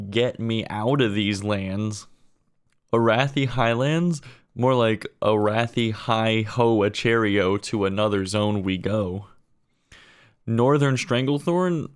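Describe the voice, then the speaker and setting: In a deadpan comedy monologue, a man fires off pun-based roasts. His voice drops lower and quieter with each punchline.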